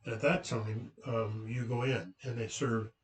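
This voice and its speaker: A man's voice: medium pitch, fairly even intonation, a little slow. Man, West Coast, fatherly storyteller, meandering delivery, distant roomy sound. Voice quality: rambling, with many fillers and restarts. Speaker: father recounting family memories. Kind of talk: casual anecdotal storytelling.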